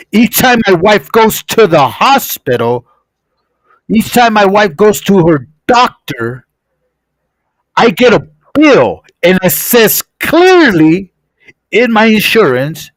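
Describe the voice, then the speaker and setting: Male streamer, animated storyteller, lively pitch, slightly high voice. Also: no echo, rough recording. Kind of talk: casual storytelling.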